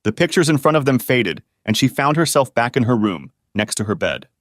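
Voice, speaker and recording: A man reading a story as scripted narration in a steady storybook voice. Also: mid-range voice, a little fast, no room sound, clean studio sound.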